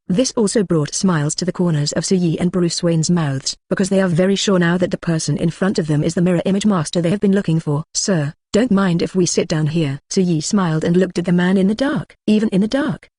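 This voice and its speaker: A synthetic narrator voice reading a translated novel as an audiobook, in a flat, even delivery. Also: mid-range voice, no echo.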